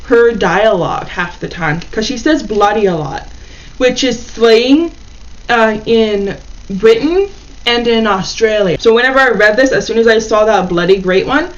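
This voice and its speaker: Chatty woman, casual book review, fairly high voice, slightly muffled lo-fi audio. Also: unhurried. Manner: chatty, uses "like" often.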